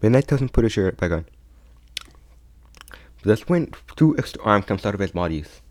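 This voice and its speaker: A young man telling a fan story in a loose, unscripted way. His voice sits a little low, and he keeps stopping, repeating words and starting over. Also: expressive, a little mellow. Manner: halting, many restarts and repeats. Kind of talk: casual retelling of a fan story.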